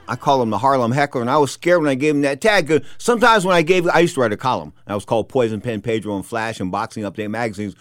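An older man, a boxing announcer, telling an animated anecdote, repeating himself and acting out the people he quotes. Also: a little high, no echo, clean studio sound. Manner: animated, repetitive, acts out quotes. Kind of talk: storytelling anecdote.

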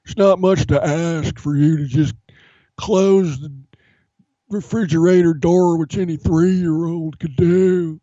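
A man's voice: fairly high pitch, steady tone, slow, mellow, dry recording, pitched above the performer's own voice. A man doing an impression of an intense middle-aged football coach, droning on earnestly. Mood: nagging. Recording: dull, dry studio sound.

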